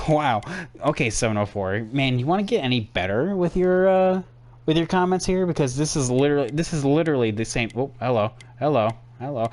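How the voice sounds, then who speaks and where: A man's voice: medium pitch, lively intonation, a little slow. A young man casually commentating his racing game stream for his chat, sarcastic and easily exasperated, rambling with fillers.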